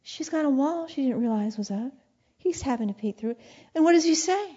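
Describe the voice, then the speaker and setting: Woman preacher, fairly high-voiced, lively sermon delivery, muffled lo-fi sound. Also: a little fast. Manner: playful and animated, often laughing and acting out quoted lines.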